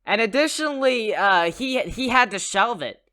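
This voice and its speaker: A podcast co-host with a bright, forceful voice that sits high talks about a film with enthusiasm, drifting into playful, rambling asides. He uses lively intonation at a normal speed in this casual film discussion.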